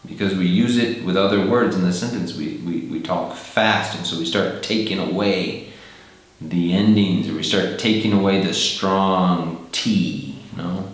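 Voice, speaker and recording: A man teaching English pronunciation, slowly repeating words and example sentences. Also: low voice. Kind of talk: pronunciation lesson. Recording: very echoey room.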